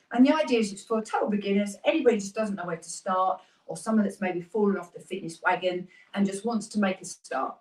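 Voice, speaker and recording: A British woman in her thirties, a fitness instructor chatting upbeat through a live workout class, with rambling asides. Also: mid-range voice. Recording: roomy sound, mic at a distance.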